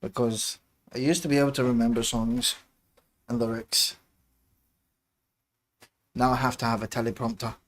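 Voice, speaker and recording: A man's voice: mid-range voice, fairly even intonation, moderate pace, pauses often. A man hosting a livestream, chatting casually and rambling between musings and muttered asides. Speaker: livestream host.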